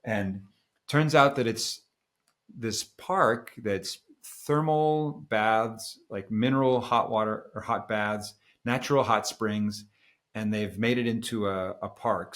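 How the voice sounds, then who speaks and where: A middle-aged man co-hosting a podcast, telling a travel story in a relaxed, rambling way. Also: on the low side. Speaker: podcast co-host. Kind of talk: casual storytelling chat.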